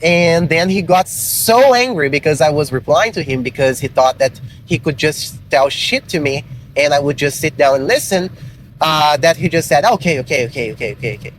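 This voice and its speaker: Blunt teacher, higher voice. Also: male voice, normal speed, a little hiss or hum, rough recording. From Brazil. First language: Portuguese. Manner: frank and blunt, swears casually, many fillers. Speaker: English teacher. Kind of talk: casual motivational talk to learners.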